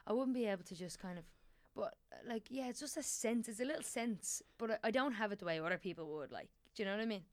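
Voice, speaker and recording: A woman's voice: mid-range voice, expressive, quick pace, hardly any pauses, no echo. A young Irish woman chatting casually as a podcast guest, rambling with many fillers and restarts.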